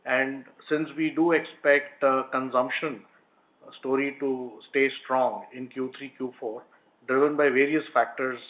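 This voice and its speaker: A man's voice: medium pitch, level tone, unhurried. Man, executive on an earnings call, hesitant, explanatory, tinny phone sound. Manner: hesitant, frequent fillers, explanatory. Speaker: company executive answering analysts. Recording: phone-line conference call audio.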